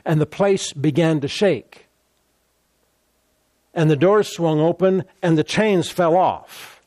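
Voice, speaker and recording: Emphatic male preacher, slightly high voice. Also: takes it slowly, dark tone, no room sound, clean studio sound. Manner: emphatic, repeats key phrases. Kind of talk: sermon.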